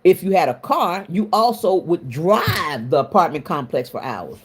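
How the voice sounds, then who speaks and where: Middle-aged woman, stream host, lively storyteller with a wide-ranging pitch and a colloquial, self-mocking delivery. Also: normal speed, husky. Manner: animated, laughs often, colloquial and self-mocking. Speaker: livestream host. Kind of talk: casual storytelling to a live chat.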